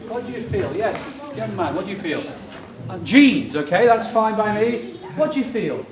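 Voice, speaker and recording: A man's voice: high voice, very animated, moderate pace, crowd noise. A middle-aged man, a chemistry professor, giving a playful public science lecture and joking with the children in his audience. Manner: jokey and playful, talks directly to children in the audience. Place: lecture theatre. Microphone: fixed camera from far off. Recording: echoey lecture hall from far off.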